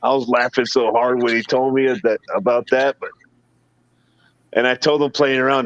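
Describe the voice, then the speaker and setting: A man in a casual live chat, telling an animated story and jumping his pitch up when he quotes others. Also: normal speed. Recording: dull, dry lo-fi stream audio.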